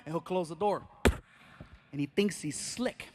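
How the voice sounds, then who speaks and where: A man's voice: fairly high pitch, unhurried, noisy background. A middle-aged man doing stand-up on a live stage, telling exaggerated stories and punchlines. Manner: animated, exaggerated storytelling with punchlines. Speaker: stand-up comedian.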